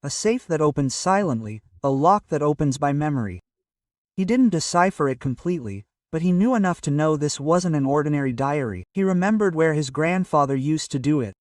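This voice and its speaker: A man reading a scripted story aloud in an even storytelling manner, voicing every quote in the same voice. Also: fairly high pitch, brisk, dry recording, clean studio sound, distant mic. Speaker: narrator.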